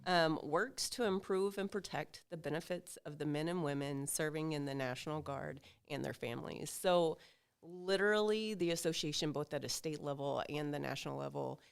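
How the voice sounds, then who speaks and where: A woman's voice: low-pitched, moderate pace, vocal fry, clean tone. A woman guest on a podcast, explaining an organization's work in a matter-of-fact way. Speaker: guest, association officer. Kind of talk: casual podcast interview.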